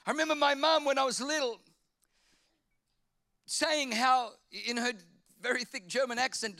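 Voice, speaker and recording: Fervent high-voiced preacher. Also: male voice, steady tone, normal speed, long pauses. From Australia. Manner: fervent, repeats phrases and swings from loud to hushed. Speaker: pastor. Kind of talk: sermon.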